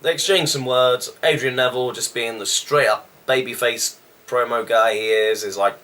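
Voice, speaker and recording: A man casually reviewing a wrestling show, chatty and loose with sighs and quick asides. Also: medium pitch, steady tone, bright, forceful tone.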